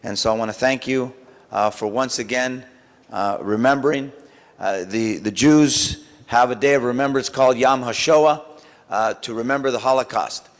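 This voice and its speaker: A man on a city council giving a solemn, deliberate speech with many pauses, in a large council chamber. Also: medium pitch. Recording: long reverb of a council chamber.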